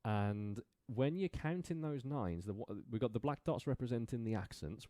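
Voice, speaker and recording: A man's voice: mid-range voice, animated, moderate pace, few pauses, dark tone, dry recording, clean studio sound. A man with an English accent teaching a drum lesson, counting beats aloud and explaining casually with fillers. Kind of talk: live-streamed drum lesson. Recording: drum kit playing in the background.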